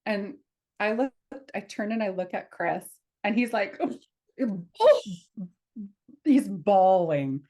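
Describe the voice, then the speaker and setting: A woman co-hosting a podcast, telling a personal story in casual chat, animated and laughing often as she acts out what people said. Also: medium pitch, very slow. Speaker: podcast co-host.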